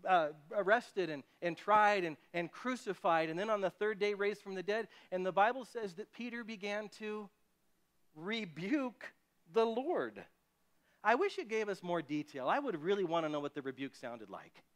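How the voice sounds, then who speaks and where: A man preaching a sermon as pastor, animated, often acting out the voices of people he quotes. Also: sits high, normal speed.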